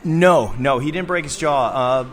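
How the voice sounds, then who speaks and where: A man's voice: mid-range voice, measured pace. A man speaking as a guest on a casual podcast, explaining at length. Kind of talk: casual chat. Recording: long reverb.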